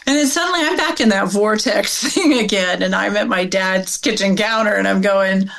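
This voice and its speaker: A middle-aged woman from Oregon, a guest telling a personal story in an interview, animated and acting out the dialogue she quotes. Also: medium pitch, moderate pace, few pauses, rough recording.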